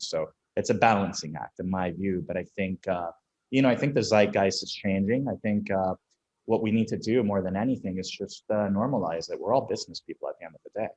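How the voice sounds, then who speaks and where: Brief: young male founder from Venezuela, low-pitched, frank conversational guest. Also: a little mellow, slightly rough. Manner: casual, candid, laughs through anecdotes. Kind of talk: conversational interview.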